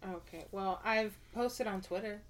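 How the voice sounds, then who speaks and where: A woman's voice: medium pitch, unhurried. A woman co-hosting a podcast, teasing her partner in casual chat. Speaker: podcast co-host.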